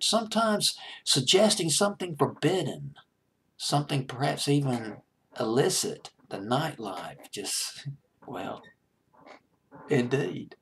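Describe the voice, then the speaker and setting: Middle-aged man, gravelly and husky, rambling casual countdown host. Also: on the high side. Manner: rambling, self-correcting, chuckling. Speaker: music video host.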